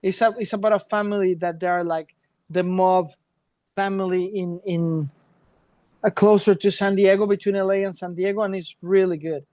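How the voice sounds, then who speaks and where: A man's voice: sits high, fairly even intonation, moderate pace, darkish tone, no room sound. Rambling podcast co-host man, dry sound. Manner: loose, rambling, playful, switches into Spanish. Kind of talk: casual chat.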